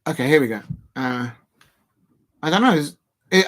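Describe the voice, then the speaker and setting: A man streaming a football watch-along, chatting casually and bursting into excited shouts at the match. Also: high-pitched, normal speed, gravelly, long pauses. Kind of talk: casual live commentary.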